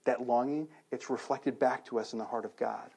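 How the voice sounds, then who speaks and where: Male pastor, 30s, husky voice, lively conversational sermon with lots of questions to the congregation. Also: mid-range voice, brisk. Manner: animated, conversational preaching with rhetorical questions.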